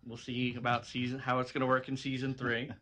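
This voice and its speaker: A man's voice: medium pitch, monotone, fairly quick, sharp tone, a little hiss or hum. A man in casual podcast chat, upbeat as he talks about his web series.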